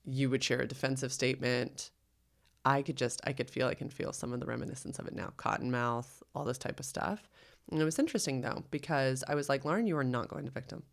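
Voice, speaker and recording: A woman with a low, gravelly voice co-hosts a podcast in casual, heartfelt conversation. She talks earnestly and reflectively. She often acts out her own quoted thoughts. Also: fast. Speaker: podcast co-host.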